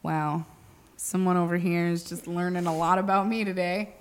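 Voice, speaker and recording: A woman's voice: fairly low pitch, steady tone, moderate pace, clear, resonant tone. A young woman co-hosting a podcast in casual chat, talkative, laughing often and swearing casually. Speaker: podcast co-host.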